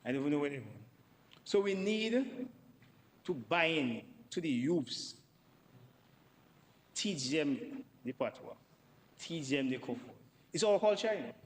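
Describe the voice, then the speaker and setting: A man's voice: a little high, expressive, measured pace, pauses often, long reverb tail, a little hiss or hum, low-quality recording. A man giving a parliamentary debate speech, emphatic and repeating words for stress. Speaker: member of parliament. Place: parliament chamber.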